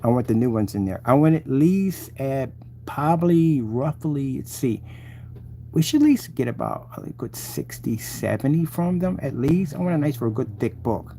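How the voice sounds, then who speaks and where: A man's voice: mid-range voice, sing-song, moderate pace, vocal fry, warm tone, slight background noise. A man hosting his channel, mocking and taunting his rivals in a rambling live-stream rant.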